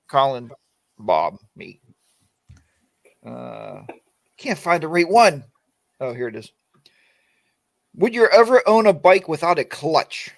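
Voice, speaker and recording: A man's voice: on the high side, vocal fry, no echo. Joking, rambling man hosting a chat. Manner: rambling, joking, restarts sentences. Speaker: podcast host. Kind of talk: casual chat.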